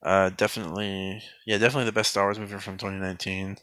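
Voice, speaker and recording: A man giving a sarcastic mock film review in a deadpan, rambling way, full of fillers and restarts. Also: low-pitched, racing, no echo.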